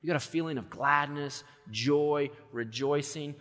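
A man preaching a sermon, earnest, with quick asides and slow emphatic lines. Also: a little high, a bit bright, in a large hall. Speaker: pastor.

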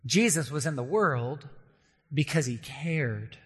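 A man preaching a sermon in an earnest way, slowing down to stress key points and briefly acting out the voices he quotes. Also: on the high side, animated, fairly bright tone, breathy edge, big-room sound. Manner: earnest, slows down for emphasis, acts out quoted voices. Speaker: pastor.

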